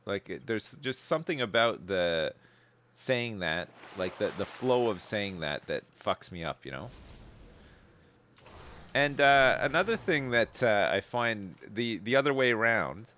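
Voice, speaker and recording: A Canadian man talking loosely on a live game stream, his low voice swinging up and down as he rambles. He is laid-back and casual, swears without a second thought, and often breaks into chuckles. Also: animated, measured pace, pushed and bright, slight background noise. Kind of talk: casual live-stream chat while gaming.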